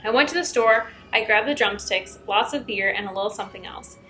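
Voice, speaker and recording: A woman's voice: mid-range voice, a little fast, bright, forceful tone, soft background music, rough recording. A young woman reading scary stories aloud as a YouTuber, breaking in with chatty asides.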